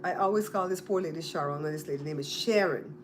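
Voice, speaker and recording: Speaking fast in a low voice against background noise, this livestream host has a Belizean accent. She chats casually with her viewers, repeating their names and spelling them out.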